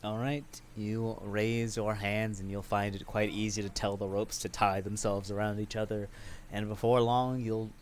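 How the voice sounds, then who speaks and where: A man narrating a tabletop game as game master, in a calm, matter-of-fact way. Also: on the low side, moderate pace, a little hiss or hum.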